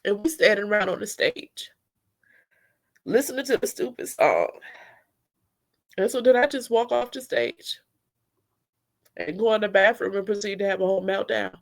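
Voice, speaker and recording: A woman's voice: medium pitch, lively intonation, moderate pace, pauses often. A middle-aged woman, tearfully and candidly recounting a hard church rehearsal to her viewers. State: crying at times. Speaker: church singer telling her story. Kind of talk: emotional personal storytelling.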